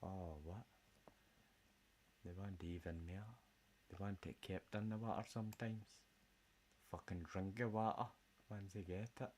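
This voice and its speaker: A man's voice: sits low, steady tone, unhurried, pauses often, a little mellow, a little hiss or hum. A Scottish man in a casual, rambling chat full of jokes and swearing. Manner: jokey, rambling, swears a lot. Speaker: vlogger.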